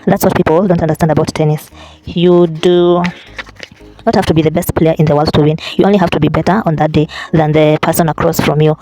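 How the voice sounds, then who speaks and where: A quick, gravelly voice runs through a casual vlog and then a book reading, stumbling and restarting phrases. The tone sits dark and mellow, and quoted lines come out in the same plain delivery. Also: mid-range voice, level tone, low-quality recording. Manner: halting, with restarts and self-corrections. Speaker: vlogger reading a book aloud. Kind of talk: casual vlog and unpolished read-aloud.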